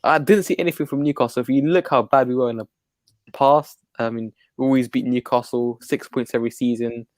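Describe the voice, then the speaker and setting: A man co-hosting a casual football fan chat, talking in a relaxed, laid-back way. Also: mid-range voice, a little fast, dry recording. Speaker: co-host.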